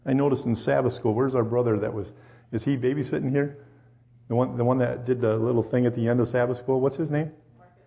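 A man from a Christian radio station telling an animated testimony story at a church service, acting out the voices he quotes. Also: medium pitch, fast talker, vocal fry. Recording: dull lo-fi recording.

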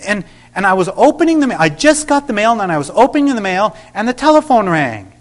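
Middle-aged male preacher, higher pitch, animated testimony with acted-out dialogue. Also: quick pace. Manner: animated storyteller, acts out dialogue with sudden loud bursts. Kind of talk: sermon storytelling.

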